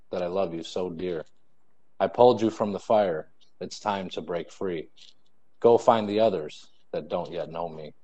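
A man's voice: low-pitched, warm tone. A young man reading his own rhyming poems aloud at an online poetry event over a video call. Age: young adult. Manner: measured rhyming recitation. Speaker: student poet.

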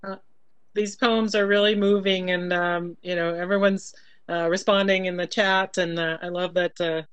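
A woman's voice: lowish voice, little pitch movement, moderate pace, clean tone, no room sound. A woman hosting an online poetry event over a video call, speaking casually with many hesitations. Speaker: event host.

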